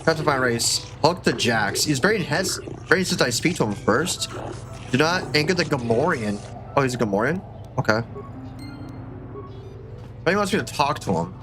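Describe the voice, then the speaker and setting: A man giving casual gameplay commentary as a streamer, excitable and joking, swearing often. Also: medium pitch, normal speed, long pauses. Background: game music.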